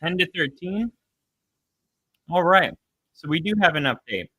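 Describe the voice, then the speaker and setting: Guy doing a live game reaction stream, slow easy talk, dry close sound. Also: a little high, expressive, husky, dry recording, low-quality recording. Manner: casual, reacts loudly to plays and baby-talks his dog. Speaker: livestream host.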